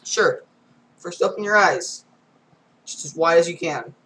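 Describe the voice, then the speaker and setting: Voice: medium pitch, lively intonation, a little slow, bright, forceful tone, rough recording. A reader going through comic strips aloud, reading every panel and sound effect, with casual asides.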